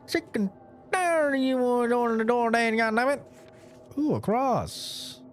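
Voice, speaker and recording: A woman voicing a cranky old woman who yells profane threats at her neighbors, high and shouting. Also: a little hiss or hum, close to an everyday voice.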